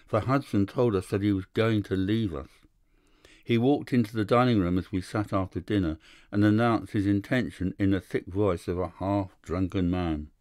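Male audiobook narrator, measured storyteller, lowish voice, dry close recording. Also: darkish tone, no room sound. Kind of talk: scripted narration.

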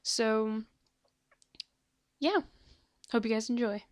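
A woman with a slightly sore throat talks softly and a little breathily, hesitating as she presents her voices. Her voice sits fairly high, and the recording is dry and close. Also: slow pace, no echo. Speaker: voice actor auditioning. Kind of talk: casual audition video. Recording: dry close headset mic.

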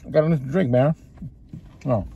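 A man with a Texas-sounding drawl rambles chattily in a casual eating vlog, talking between bites and while chewing in his parked car with the engine running. His voice is medium-pitched, fairly quick and creaky. The recording has the highs cut off and a little hiss or hum.

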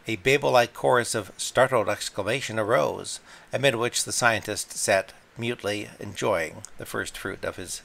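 A man reading a classic short story aloud in a measured, wry storytelling manner. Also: fairly low pitch, creaky, a bit bright. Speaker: audiobook reader. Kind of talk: scripted story narration.

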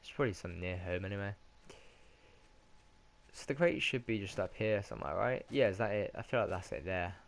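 A man's voice: on the low side, animated, fairly quick, creaky, pauses often, slight background noise. A man with a British accent giving casual let's-play commentary, rambling and correcting himself as he goes. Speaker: gaming commentator.

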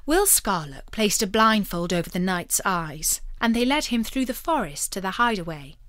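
A woman reading a story aloud for language learners, slowly, clearly and carefully. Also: mid-range voice, big pitch swings, fairly bright tone, no room sound, clean studio sound. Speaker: narrator. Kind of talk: audiobook narration for learners.

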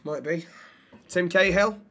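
A man's voice: high voice, measured pace, bright, forceful tone, slight background noise. A man from Manchester with a Mancunian accent, teasing and swearing through casual in-character banter as a role-play streamer. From Manchester, England. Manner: cheeky, teasing, sweary, calls people love.

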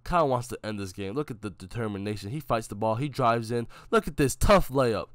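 A man's voice: medium pitch, fast, background noise. Young man doing jokey self-mocking play-by-play. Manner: joking, self-mocking hype commentary. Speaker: vlogger narrating his own game footage. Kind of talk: casual play-by-play commentary.

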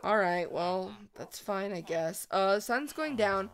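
Woman narrating her game, coos at her pets, squeals when excited, bouncy pitch. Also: takes it slowly, hardly any pauses, over music. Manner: chatty, talks sweetly to her in-game pets, sudden excited shrieks. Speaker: let's-play host. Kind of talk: casual gameplay commentary.

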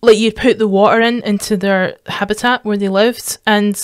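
A woman's voice: medium pitch, normal speed, clear, resonant tone, no room sound. Chatty Scottish woman, dry close sound. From Scotland. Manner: rambling, sweary, bursts into excited squeals and laughs. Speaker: streamer reacting to videos. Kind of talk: casual reaction commentary.

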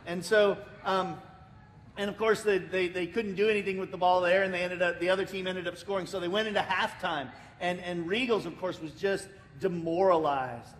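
High-voiced American pastor preaching. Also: male voice, normal speed. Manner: frequent repeated words and restarts; lively storytelling, acting out the people in it. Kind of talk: sermon. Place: church sanctuary. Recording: reverberant church hall, faint rumble.

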